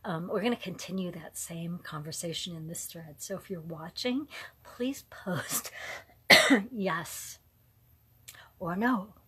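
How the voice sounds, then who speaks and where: A middle-aged woman hosting a casual live online talk, rambling and digressive, often drifting into soft, whispery asides. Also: fairly low pitch, slow pace, pauses often, breathy edge.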